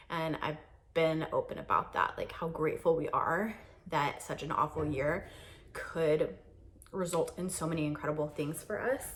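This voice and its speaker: Low-voiced woman chatting candidly. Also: slight background noise. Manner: rambling, candid, with laughs and many fillers. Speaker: vlogger. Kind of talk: casual chat to camera. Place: carpeted guest room indoors. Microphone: camera on a tripod.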